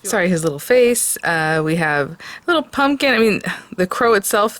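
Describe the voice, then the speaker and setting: A woman's voice: medium pitch, normal speed, fairly bright tone, dry recording. A woman hosting a craft video, chatting casually with many fillers as she shows supplies. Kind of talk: casual product review and tutorial.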